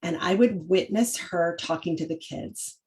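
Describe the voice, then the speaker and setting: A woman's voice: on the low side, unhurried, a little mellow. A middle-aged woman, hosting a chatty faith-based parenting talk full of fillers and restarts. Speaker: podcast host.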